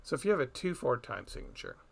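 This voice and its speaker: A man teaching a recorded music theory lesson, explaining slowly and chanting beat patterns aloud. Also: mid-range voice, sing-song, vocal fry.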